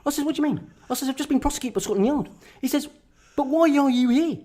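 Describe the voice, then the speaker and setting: A man doing a parody impression of an activist, telling absurd stories in deadpan and tagging nearly every sentence with a questioning "yeah?". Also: very high voice, quick pace, voice pushed up. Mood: earnest deadpan.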